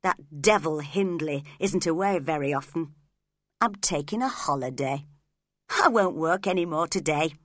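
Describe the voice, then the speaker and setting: A woman reading the lines of a rough, jealous young man who speaks bluntly and resentfully. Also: low-pitched, animated, measured pace, a bit bright, dry recording, clean studio sound, exaggerated voice.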